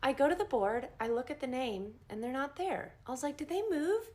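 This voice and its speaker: A woman nurse telling a story in a casual first-person way, animated and acting out the dialogue. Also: a little fast. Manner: animated, acts out quoted dialogue with big pitch jumps.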